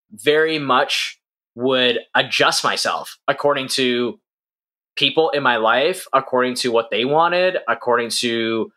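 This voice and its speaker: A man's voice: mid-range voice, bright, forceful tone. A young man co-hosting a podcast, talking reflectively in a casual conversation with plenty of fillers and restarts. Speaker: podcast co-host.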